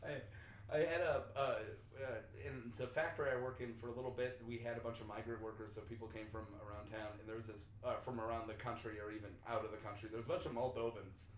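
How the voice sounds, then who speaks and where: A man's voice: medium pitch, little pitch movement, quick pace, a little hiss or hum. A man hosting a podcast in an apartment, chatting loosely, swearing freely and acting out the people he quotes. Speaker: podcast host. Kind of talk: casual chat. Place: apartment room. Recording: roomy apartment echo.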